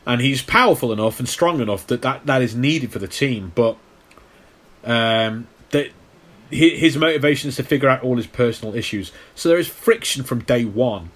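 A man's voice: mid-range voice, lively intonation, normal speed, fairly bright tone. A man co-hosting a casual film podcast, explaining at length and stammering over his restarts. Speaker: podcast co-host.

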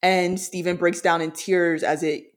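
Podcast co-host, medium pitch, halting and emotional, heavy on fillers. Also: fairly even intonation. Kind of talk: casual discussion of a TV series.

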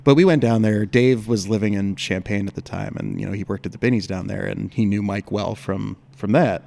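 A man's voice: fairly low pitch, brisk, vocal fry, darkish tone. A man who is a guest on a podcast, talking casually about starting his brewery, friendly and full of filler words. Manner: friendly, backchannels a lot, fillers. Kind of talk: casual chat.

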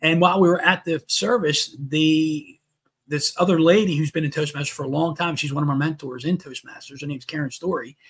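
Podcast guest, male, husky and slightly high voice, animated storyteller. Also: a little fast. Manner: animated storyteller, voicing his own past thoughts.

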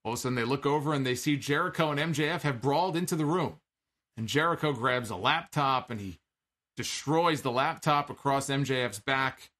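A man's voice: mid-range voice, brisk, fairly bright tone. A man giving a casual spoken recap of a wrestling show, conversational with wry asides and frequent filler words.

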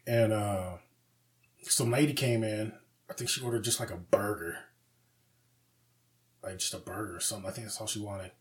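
A man's voice: lowish voice, fairly even intonation, normal speed, pauses often. A man co-hosting a podcast, telling a story in casual chat with heavy swearing and acted-out quotes. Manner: profane storyteller, acts out quoted voices. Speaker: podcast co-host.

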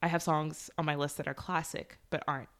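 A woman's voice: sits low, flat delivery, fairly quick, fairly bright tone. A woman co-hosting a podcast in casual chat, breezy and joking, swearing casually. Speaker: podcast co-host.

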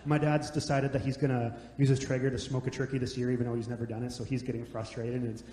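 A young adult man preaching a sermon, telling jokes and stories in a relaxed, conversational way. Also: mid-range voice, fast. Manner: joking, conversational storytelling. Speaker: pastor. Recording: echoey hall, long reverb.

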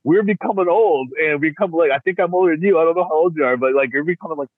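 A middle-aged man chatting as a podcast guest, animated and laughing often, slipping into voices as he talks. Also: on the high side, racing, dry recording. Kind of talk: casual chat. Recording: thin phone-like line, dry.

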